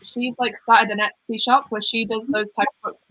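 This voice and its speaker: A woman's voice: on the high side, fairly even intonation, moderate pace, fairly bright tone, no room sound, poor audio. A Welsh woman chatting casually with friends on a live stream, giggly and full of "like". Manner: chatty, giggly, says "like" a lot. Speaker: booktuber co-host.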